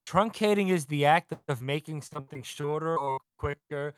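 A man co-hosting a casual podcast, retelling a manga chapter in an animated way, acting out the characters and laughing as he goes. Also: a little high, normal speed, no echo. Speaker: podcast co-host.

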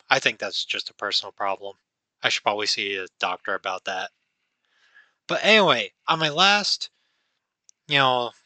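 A man's voice: mid-range voice, pushed and bright, dry recording, poor audio. A man hosting a casual film-review podcast, rambling with lots of "you know" and "like". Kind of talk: casual chat.

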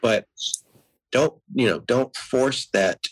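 A middle-aged man talking in a casual conversation, sincere and halting, restarting his sentences often. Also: medium pitch, husky, rough recording.

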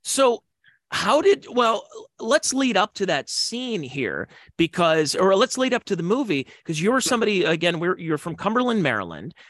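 A man's voice: sits high, big pitch swings, a bit bright, no echo. Male podcast host, dry close sound. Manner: conversational, halting lead-in questions. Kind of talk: interview questions.

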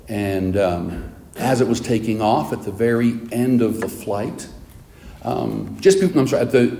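A man preaching a sermon, telling stories in an animated way and speaking straight to his listeners. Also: mid-range voice, roomy sound.

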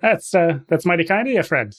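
A man's voice: fairly high pitch, fast, fairly bright tone, voice pushed up. A man putting on Tarvis, a folksy half-elf. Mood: friendly. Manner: folksy, drawling, faux-Canadian turning Irish. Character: friendly male half-elf innkeeper type, folksy. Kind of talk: tabletop role-play voice.

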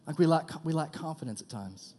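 A young man preaching a sermon in a casual, energetic style, calling out to his audience. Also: fairly high pitch, a little fast, husky. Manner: energetic, conversational preaching with audience call-outs. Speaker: youth pastor.

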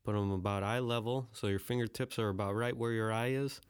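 A man's voice: lowish voice, fairly even intonation, a little fast, clean tone, no room sound, clean studio sound. A man talking to the camera in a rambling, joking way, with plenty of profanity. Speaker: vlogger. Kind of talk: casual chat.

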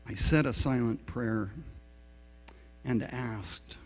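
A man's voice: medium pitch, slow pace, a bit bright. A middle-aged man preaching a sermon as a pastor, telling a story in a frank, self-deprecating way. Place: church sanctuary. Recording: reverberant hall with mains hum.

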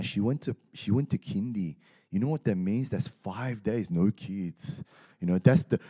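A middle-aged Australian man preaching a sermon, telling stories in a joking, animated way. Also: medium pitch. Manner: animated, joking storytelling with laughs. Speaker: pastor.

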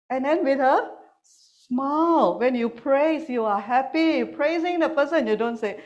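Woman preacher, lively and teasing, mid-high voice, jumps between loud and soft. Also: normal speed, muffled recording. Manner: animated, teasing, swings between loud and quiet. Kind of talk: sermon with humor. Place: church hall with online congregation.

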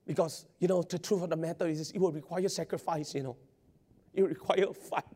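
Excitable high-voiced pastor. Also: male voice, a little fast. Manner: excitable, stammering repetitions, frequent laughter. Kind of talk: sermon.

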